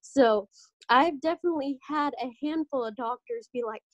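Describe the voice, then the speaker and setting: A young woman hosting a casual podcast chat, telling animated stories and acting out what doctors said to her. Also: high-pitched, normal speed, no room sound, dull audio. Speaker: podcast host.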